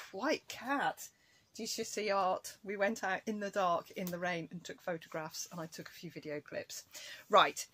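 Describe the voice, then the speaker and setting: A woman's voice: fairly low pitch, fairly bright tone, breathy edge. Chatty woman rambling about stitching. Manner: chatty, rambling, scolding her cat between asides. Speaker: cross-stitch vlogger. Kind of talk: casual chat to camera.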